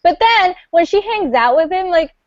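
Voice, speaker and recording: Brief: young woman, very high voice, dry lo-fi call sound, chatty. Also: expressive, moderate pace, no echo. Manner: chatty, lots of "like", laughs easily. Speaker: book club member. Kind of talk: casual chat. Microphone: video call. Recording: dry, lo-fi video call audio.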